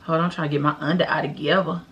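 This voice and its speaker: Bright, animated young woman telling a story. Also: deep voice, rapid-fire, muffled recording. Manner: animated, dramatic storytelling with loud laughs and hushed whispered asides. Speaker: vlogger. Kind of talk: casual storytime.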